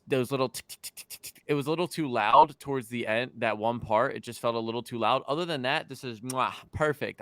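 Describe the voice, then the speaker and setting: A man's voice: mid-range voice, fairly bright tone, clean tone, no room sound. A man co-hosting a music review livestream in loose casual chat, full of fillers and dad jokes, on a close mic.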